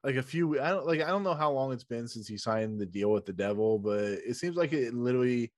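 A man co-hosts a casual podcast and retells scenes in an easygoing way, slipping into quoted voices. His voice sits at a middle pitch. It is recorded close and dry, with no room sound. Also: lively intonation, brisk, no room sound. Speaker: podcast co-host. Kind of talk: casual chat.

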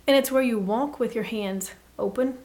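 Earnest soft-spoken woman guest. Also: fairly high pitch, normal speed. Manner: earnest, reflective, often drops to a soft hush. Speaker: podcast guest. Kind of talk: personal faith talk.

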